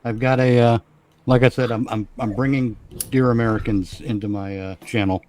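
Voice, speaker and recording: Man, guest, casual group chat, halting, repeats words, mid-pitched. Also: steady tone, darkish tone.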